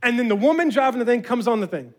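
Man with a very high voice, an animated storyteller who keeps checking in with the audience. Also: quick pace. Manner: lively, addresses listeners directly.

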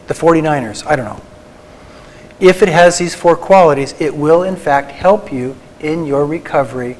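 A man, a Christian psychologist, giving an earnest faith talk to a group, slowing down and softening for emphasis. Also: fairly high pitch, rough recording. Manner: earnest, tender, slows for emphasis.

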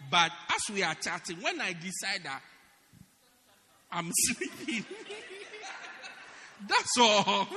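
A man preaching a humorous sermon, acting out stories and shouting the punchlines. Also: high-pitched, takes it slowly, pauses often, in a large hall, crowd noise. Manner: animated storytelling, laughing and shouting punchlines. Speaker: pastor.

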